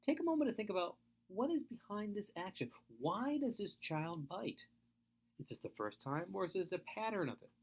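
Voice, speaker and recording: Middle-aged male webinar presenter, earnest and emphatic, very lively pitch. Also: normal speed. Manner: earnest, emphatic, repeats points. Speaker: foster care speaker. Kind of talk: webinar lecture.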